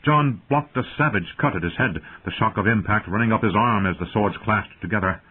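A man narrating an audiobook in a measured storytelling manner. His voice is low and husky. The sound is squeezed into a thin, phone-like band. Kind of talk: scripted narration.

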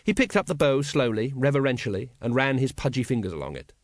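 A man narrating an audiobook with lively, expressive storytelling. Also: medium pitch, quick pace, no room sound, clean studio sound.

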